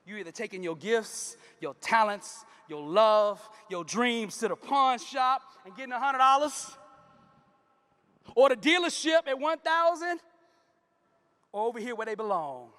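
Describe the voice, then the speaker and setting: A man preaching a motivational talk to a live audience. His voice sits very high and sounds bright and forceful. A long hall reverb trails behind every phrase. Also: animated, a little slow, smooth. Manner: preacher-like, calls out to the crowd. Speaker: motivational speaker. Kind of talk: live motivational speech with storytelling.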